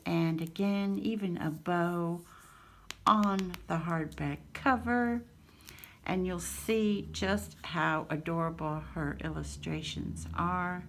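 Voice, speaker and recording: A woman's voice: on the low side, a little hiss or hum. An older woman hosting a craft channel, showing her finds in a gushing, sweet way with little laughs. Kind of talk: casual show-and-tell chat.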